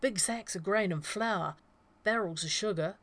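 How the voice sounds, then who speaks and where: A woman voicing a blustering small-town male bank teller in an audiobook, with a loud, high, drawling delivery. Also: measured pace. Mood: boastful.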